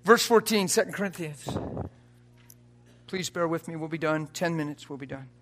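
A man preaching a sermon to a live audience in a church, emphatic, swinging from soft asides to loud exhortation and often laughing and urging the crowd on. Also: a little high, moderate pace, soft background music. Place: church or conference hall before a live audience.

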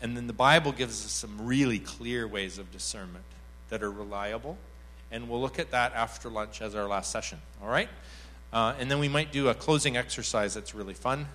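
A man's voice: medium pitch, normal speed, a bit bright. A man speaking at a church workshop, telling an anecdote and acting out the quoted voices with animation. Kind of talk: teaching talk with acted anecdote.

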